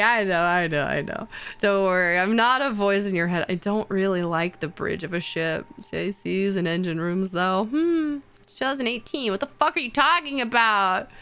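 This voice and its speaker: A woman's voice: medium pitch, moderate pace, fairly bright tone, smooth, soft background music. A young adult woman chatting casually with her stream viewers, playful and teasing, swearing and laughing often. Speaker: VTuber streamer.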